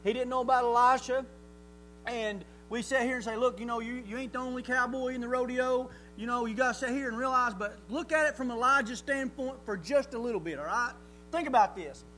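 A man preaching a sermon, telling the story in a folksy, animated way that builds to near shouting. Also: very high voice, a little fast, soft background music, rough recording.

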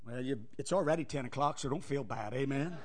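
A male pastor preaching a fiery sermon, swinging from loud cries to hushed asides. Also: medium pitch, fairly quick.

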